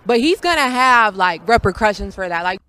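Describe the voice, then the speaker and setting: Brash slangy woman, bright voice. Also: fairly high pitch, very animated, normal speed, clear, resonant tone. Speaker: street interviewee. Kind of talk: casual street chat.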